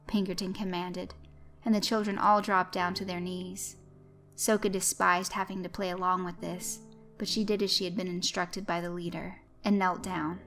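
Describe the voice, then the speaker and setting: A woman reads a story aloud as narrator, steady and even. Her voice is bright and forward, and soft music plays faintly under her. It sounds like scripted storybook narration. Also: fairly low pitch, normal speed.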